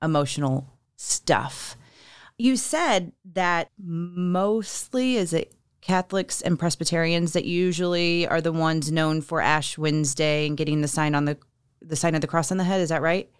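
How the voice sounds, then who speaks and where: A woman hosting a faith podcast, telling stories in a lively, animated way and acting out what others said. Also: sits low, normal speed, smooth, no echo, clean studio sound. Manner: animated storyteller, acts out quoted voices. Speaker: podcast host. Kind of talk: casual conversation.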